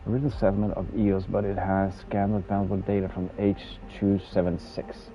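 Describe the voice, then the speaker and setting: A gaming streamer from Denmark chats casually while playing, his Danish accent clear and his words often repeated. His deep voice barely moves in pitch, he talks fairly quickly, and the recording sounds muffled.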